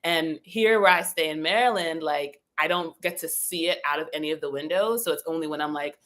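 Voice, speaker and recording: A woman hosting a casual livestream chat, animated and giggly, who acts out her own thoughts in a high voice. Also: a little fast. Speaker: livestream host.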